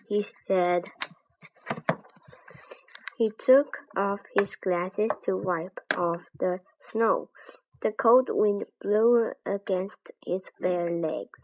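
A woman reading a children's chapter book aloud as narrator, in slow, expressive storytelling. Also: medium pitch, low-quality recording.

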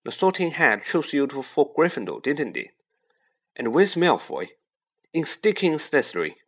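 A man's voice: fairly high pitch, sing-song, normal speed, fairly bright tone, breathy edge, voice pushed up, heavily acted. Harry: a man playing an earnest boy wizard.

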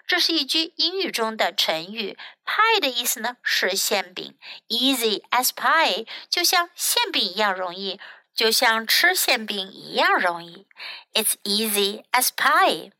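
A woman teaching English to children, repeating each phrase slowly and explaining it. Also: fairly high pitch, very animated, sharp tone, no room sound. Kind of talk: bilingual children's English lesson.

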